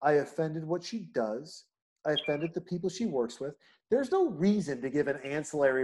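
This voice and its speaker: A man's voice: a little high, expressive, moderate pace, darkish tone. A man co-hosting a casual chat, talking in long, profane, emphatic rants.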